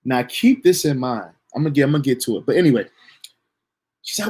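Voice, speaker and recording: Casting: young man, casual storyteller, profane and lively, mid-range voice. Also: medium pitch, fast, husky. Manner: animated, profane, laughs at own story. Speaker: storyteller streamer.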